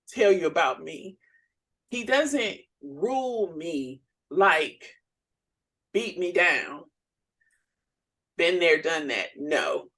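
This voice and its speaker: Woman co-host telling lively stories. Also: mid-range voice. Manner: storytelling with laughs, animated quoted voices. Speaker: podcast co-host. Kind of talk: casual faith chat.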